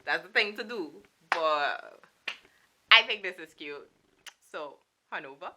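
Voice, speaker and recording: A woman's voice: on the low side, animated, a little slow, bright, forceful tone. A young woman from Saint Martin, chatting casually and playfully with laughing asides as a vlogger showing her souvenir collection. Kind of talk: casual chat.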